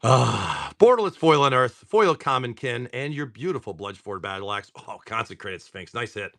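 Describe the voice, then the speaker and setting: Excitable man opening card packs on stream. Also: mid-range voice, normal speed, creaky. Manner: excitable, swears often, exclaims over pulls. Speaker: livestream card seller. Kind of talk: casual livestream pack-opening chat.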